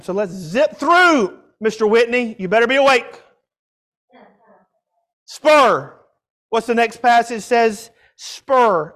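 An older man preaching a sermon, asking rhetorical questions and swinging from loud cries to hushed tones. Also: extremely high pitch.

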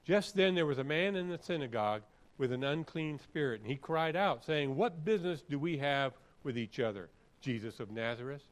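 A man preaching a sermon, reading scripture aloud and then explaining it conversationally, often clearing his throat and repeating phrases for emphasis. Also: a little high, animated, moderate pace, low-quality recording. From San Francisco area. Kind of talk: expository sermon.

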